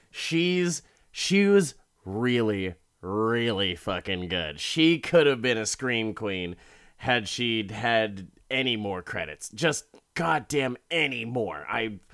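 Young man, casual podcast recap. Drawn-out, deliberate delivery, profane and animated. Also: mid-range voice, smooth. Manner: profane, animated, laughs while retelling. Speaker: podcast host recapping a horror episode.

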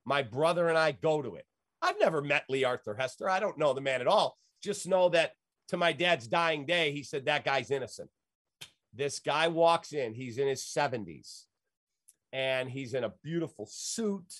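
A middle-aged man with a slightly raised pitch tells stories like the radio host he is, emphatic and folksy, wandering from point to point. The sound is dry and close, with no room around it. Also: animated, normal speed, a bit bright, no room sound. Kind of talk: animated storytelling in an interview.

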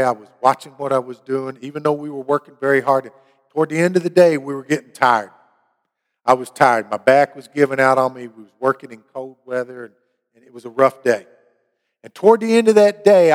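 Earnest preacher in a big hall. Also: male voice, fairly high pitch. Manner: earnest storytelling, rising to emphatic preaching. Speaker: pastor. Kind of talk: sermon with a personal testimony.

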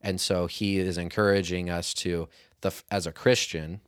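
A man co-hosting a casual faith discussion podcast, speaking in a thoughtful, measured, reflective way. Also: low-pitched, steady tone, clear, resonant tone, no room sound, studio quality. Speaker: podcast co-host.

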